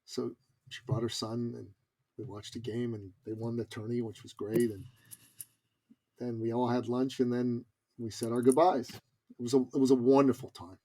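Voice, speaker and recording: A man's voice: medium pitch, flat delivery, normal speed, dark tone. A middle-aged man telling a personal story as a podcast guest, earnest and emphatic. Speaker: podcast guest, business coach.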